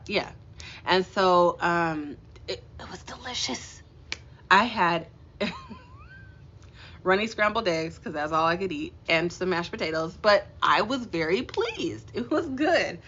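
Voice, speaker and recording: A woman from the Los Angeles area telling a story to her live-stream audience, animated and self-mocking, laughing often. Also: fairly low pitch, lo-fi sound. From Los Angeles area, California.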